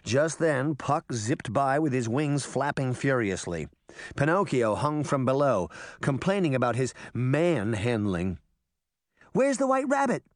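A man reading a children's adventure story aloud as an audiobook narrator, with expressive, animated storytelling. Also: medium pitch, measured pace, dry recording, studio quality.

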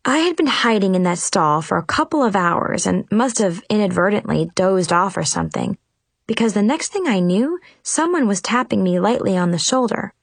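A woman narrating a playful first-person story in an animated, dramatic way. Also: medium pitch, moderate pace, creaky, breathy edge, dry recording.

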